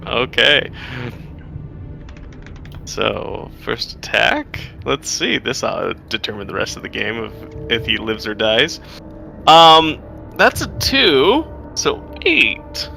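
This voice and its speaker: Slow, playful male tabletop player. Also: medium pitch, big pitch swings, vocal fry, bright, forceful tone, soft background music. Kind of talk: tabletop role-play chat.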